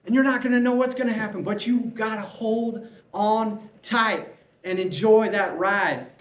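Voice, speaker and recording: A man with a high voice delivers a prepared speech to a club, telling his story in a lively, playful way. The room is echoey, with a faint hum of ambience behind him. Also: a little slow. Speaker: club speaker.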